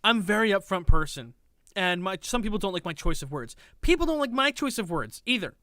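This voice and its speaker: A woman's voice: mid-range voice, big pitch swings, brisk, a bit bright, no room sound, clean studio sound. A woman streaming, reacting to a clip in a sarcastic, exasperated, mocking way. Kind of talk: casual reaction commentary.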